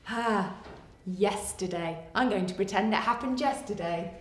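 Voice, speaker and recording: English teacher lady reading out a kids story lesson, slow sing-song voice, echoey room. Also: medium pitch. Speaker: primary school teacher. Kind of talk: video writing lesson for young children.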